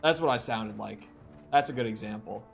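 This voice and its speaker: A man's voice: fairly low pitch, brisk, creaky. Rambling male streamer chatting over gameplay. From Upper Midwest of the United States. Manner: rambling, storytelling asides. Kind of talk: casual chat while playing a video game. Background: faint game music.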